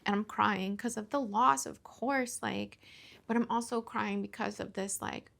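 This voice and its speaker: A woman in her thirties talks through a personal confessional vlog, halting and full of fillers, close to tears. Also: mid-range voice, steady tone, vocal fry, a bit bright. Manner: halting, full of fillers and restarts, tearful at times. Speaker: vlogger.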